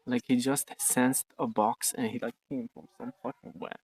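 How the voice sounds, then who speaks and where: A man's voice: mid-range voice, level tone, moderate pace, darkish tone, breathy edge, no room sound. A man chatting casually on a livestream outdoors in a garden, rambling and joking with lots of swearing. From Ukraine. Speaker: streamer.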